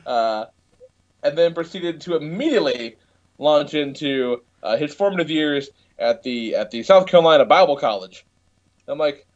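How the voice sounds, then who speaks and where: A man's voice: a little high, expressive, moderate pace. Laid-back man on a muffled call. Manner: rambling storyteller, swears freely, laughs often. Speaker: podcast co-host. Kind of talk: casual chat. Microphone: video call from a tablet.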